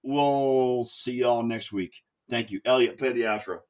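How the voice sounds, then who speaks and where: An easygoing man hosts a casual sports podcast at a middle pitch. He often repeats words as he restarts his sentences. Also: a little slow, a little mellow. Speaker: podcast host.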